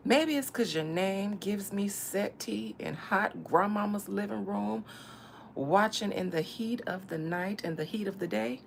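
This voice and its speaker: A woman's voice: medium pitch, unhurried, gravelly, a little hiss or hum. A woman from the American South with a Southern accent, hosting a casual tarot reading and talking in a sassy, teasing drawl. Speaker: tarot reader and channel host.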